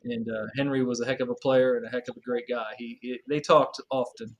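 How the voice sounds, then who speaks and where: A man's voice: mid-range voice, fairly even intonation, fairly quick, a little hiss or hum, rough recording. A man with a Kentucky accent, a car dealership manager talking casually as an interview guest.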